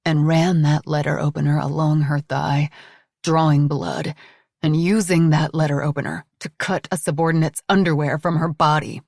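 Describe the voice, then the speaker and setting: Woman narrator doing a cool relentless accuser, deliberate, lowish voice, dry close sound, audiobook. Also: level tone, creaky, darkish tone, no echo.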